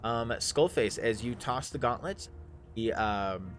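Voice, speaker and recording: A man narrating a live tabletop game as game master, pausing often with ums and uhs. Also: medium pitch, faint music behind. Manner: halting, full of ums and uhs.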